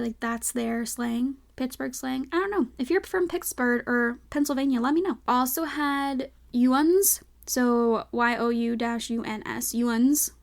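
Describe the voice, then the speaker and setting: A young woman with a light Southern American accent, hosting a casual solo podcast, chatty and full of "like" fillers and self-checking asides. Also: high-pitched. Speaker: podcast host.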